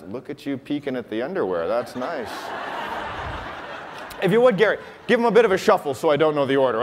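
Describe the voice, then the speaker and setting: A man with a Canadian accent performing a comedy magic act on stage, teasing the audience with playful crowd work. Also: mid-range voice. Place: large hotel conference hall. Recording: live hall with long reverb, faint room noise.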